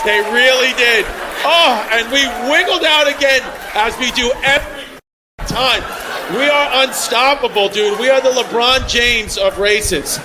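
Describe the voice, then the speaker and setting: A man with a high voice belts out a stand-up routine to a packed room. Live crowd sounds and club noise sit behind every line, in a raw venue recording. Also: measured pace. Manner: loud, riffing, crowd work. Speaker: stand-up comedian. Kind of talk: stand-up set. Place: comedy club with live audience.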